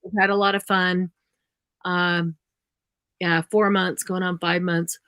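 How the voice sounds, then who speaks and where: A woman hosting a live craft stream, chatting in a relaxed, rambling way. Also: on the low side, slow pace, clean tone, no echo. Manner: relaxed, rambling, warm sign-offs. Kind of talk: casual live-stream chat.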